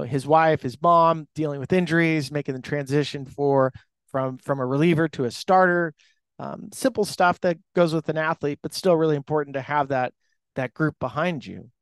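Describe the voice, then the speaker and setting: A man's voice: a little high, normal speed, no room sound. A man hosting a baseball podcast in a casual, rambling monologue, full of restarts and fillers, talking from an airport restaurant bar. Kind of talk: casual sports talk monologue.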